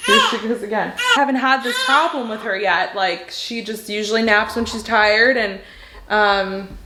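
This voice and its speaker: A young woman casually vlogging about her day with her newborn, chatty and laughing often, at times cooing softly to the baby. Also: fairly high pitch, animated, normal speed, slight background noise. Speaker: vlogger mom. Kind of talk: casual vlog talk to camera.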